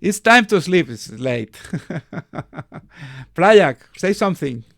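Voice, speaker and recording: A man's voice: fairly high pitch, big pitch swings, takes it slowly, vocal fry, fairly bright tone, no echo. A man hosting an online meeting on a video call, chatting and reading out names, asking how to pronounce them. His first language is Spanish. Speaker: meeting host and mentor.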